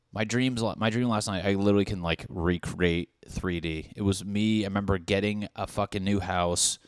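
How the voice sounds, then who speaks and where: A young man talking on his podcast in a rambling, profane, excitable way. His voice sits fairly low, and the sound is dry and close with no room behind it. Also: clean tone, no echo. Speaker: podcast host. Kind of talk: casual rambling monologue.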